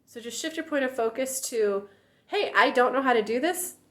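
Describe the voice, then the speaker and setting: A woman's voice: lively intonation, normal speed, a bit bright. Candid woman coach acting out voices. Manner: candid, acts out quoted voices in a higher pitch. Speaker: relationship coach. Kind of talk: casual talk to viewers.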